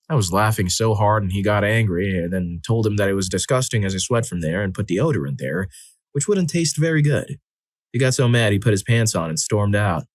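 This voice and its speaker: A man with a fairly low voice narrates a string of short personal stories, reading them expressively and leaning into the drama. His voice is recorded close and dry, with no room sound around it. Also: no echo. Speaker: story narrator. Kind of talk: scripted narration of reader stories.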